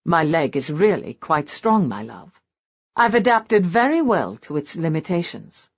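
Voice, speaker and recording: A brooding nobleman with a silken, mocking tone, voiced by a woman reading a romance audiobook. His lines rise and fall in lively swings and carry a dry edge. The recording sounds dull and lo-fi. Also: on the high side, unhurried, heavily acted. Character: brooding, silken-voiced lord with a bad leg.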